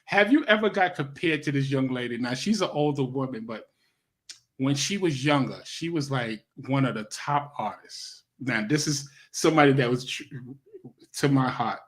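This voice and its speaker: A man's voice: mid-range voice, moderate pace. A man hosting a radio interview show, chatting casually with plenty of supportive affirmations. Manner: warm, supportive, frequent affirmations.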